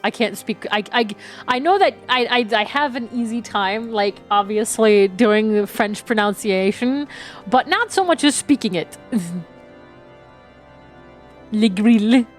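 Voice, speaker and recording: Woman streamer, from germany, giggly and self-mocking, has a cold, slightly high voice, soft game music behind. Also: expressive, moderate pace. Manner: giggly, self-mocking, stumbling over words. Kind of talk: casual gameplay chat.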